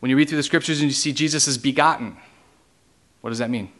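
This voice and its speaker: A man's voice: medium pitch, fairly even intonation, quick pace, fairly bright tone. A man preaching a sermon as pastor, teaching theological ideas and putting question after question to his congregation. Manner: asks the congregation many rhetorical questions; teaching, explains theological terms.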